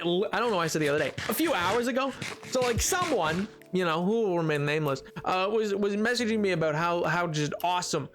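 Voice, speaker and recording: High, lively man chatting on stream. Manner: animated, giggly, rambling. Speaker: livestreamer. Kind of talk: casual chat while gaming.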